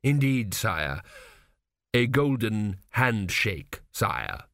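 A man voicing a smooth, impassive high priest with an oily, unctuous manner. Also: sing-song, a bit bright, no echo, full character voice. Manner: oily, unctuous, low and slow.

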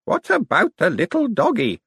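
A man voicing a very small, elderly, prim and quietly ruthless old woman in an audiobook. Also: high-pitched, huge pitch swings, normal speed, husky, dry recording, studio quality, voice pushed up, heavily acted. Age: older. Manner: fussy, prim, genteel. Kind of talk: audiobook character voice.

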